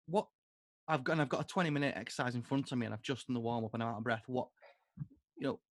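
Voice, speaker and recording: A man's voice: mid-range voice, no room sound. Give me a man hosting a chat podcast. He jokes easily and fills the gaps with fillers. His voice is recorded dry and close. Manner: chatty, full of fillers, quick to joke. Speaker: podcast host.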